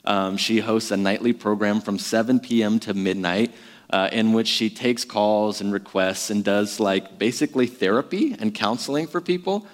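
Chatty pastor in a reverberant hall. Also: male voice, fairly low pitch, moderate pace. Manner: conversational, self-deprecating, lots of fillers. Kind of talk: sermon.

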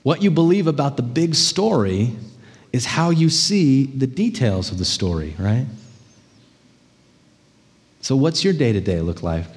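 A man preaching a sermon as pastor, telling stories in an animated way and checking in with the congregation. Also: medium pitch, a little slow, pauses often, big-room sound. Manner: animated storytelling, frequent "right?" check-ins.

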